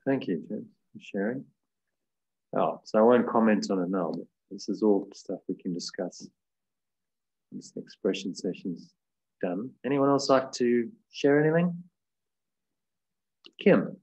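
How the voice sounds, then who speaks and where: A man with a lowish voice guides a meditation class over a video call. He speaks gently and without hurry, pausing on fillers as he thinks aloud. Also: expressive, slightly rough, muffled recording. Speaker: meditation course leader.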